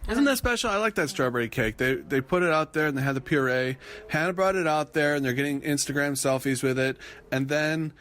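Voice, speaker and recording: A man co-hosting a podcast, rambling through a lively recap of a reality show and now and then mimicking the people in it. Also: medium pitch, a little fast, faint music behind. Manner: animated retelling, mimics quoted people; rambling with frequent restarts. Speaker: podcast co-host.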